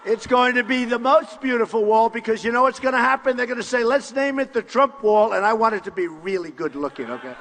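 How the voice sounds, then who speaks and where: An older man giving a boastful, repetitive campaign rally speech in short punchy phrases, often shouting to the crowd. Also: very high voice, brisk, hardly any pauses, slight background noise. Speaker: political candidate at a rally. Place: large university hall with crowd. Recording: long hall reverb from a live rally.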